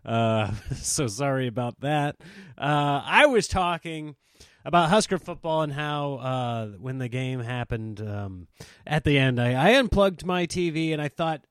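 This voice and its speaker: A man rambles through a casual talking-head monologue, animated and self-mocking, with a comic performer's timing. His voice sits a bit higher than most men's. The recording is dry and close, with no room sound. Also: moderate pace, dry recording. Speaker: comedic performer.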